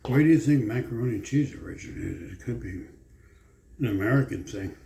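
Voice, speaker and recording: Low mellow man rambling in an echoey room. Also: lively intonation, fairly quick, vocal fry, a little hiss or hum. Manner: meandering, folksy, storytelling. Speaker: vlogger. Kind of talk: casual rambling chat. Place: home room. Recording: echoey room, faint ambience.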